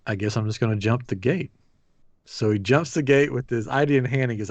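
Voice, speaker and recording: A man hosting a podcast, telling a story in a casual chat with lively acted-out quotes. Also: medium pitch, fairly quick, no echo, dull audio. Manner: animated retelling with acted quotes. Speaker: podcast host.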